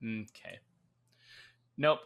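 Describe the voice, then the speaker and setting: A man's voice: drawn-out words, a bit bright. A man co-hosting a live brewing stream, chatting casually with many fillers and restarts. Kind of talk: casual chat while reading viewer comments.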